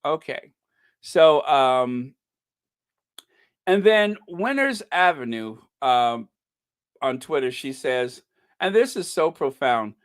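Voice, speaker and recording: A man's voice: fairly high pitch, very animated, slow pace, pauses often, smooth, dry recording, studio quality. A man hosting a casual commentary channel, reacting to news and posts in a gossipy, incredulous way and chuckling often.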